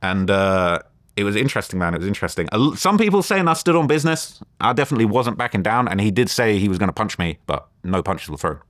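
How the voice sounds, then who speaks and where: Fast-talking London man telling a story. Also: fairly low pitch, dry recording, clean studio sound. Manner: rambling, animated retelling with quoted back-and-forth. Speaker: interview guest. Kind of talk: casual storytelling interview.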